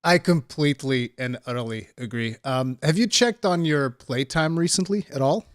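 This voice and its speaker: A man hosting a relaxed interview. He jokes around and laughs often. His voice sits somewhat higher than most men's. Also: moderate pace, no room sound, studio quality. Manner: friendly, laughs easily, joking. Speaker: host, content creator. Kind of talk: casual interview.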